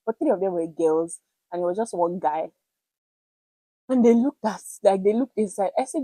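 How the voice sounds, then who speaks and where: A young woman, casually telling a personal story to her vlog audience in an animated, expressive way. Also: mid-range voice, normal speed, long pauses, no room sound, rough recording. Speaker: vlogger.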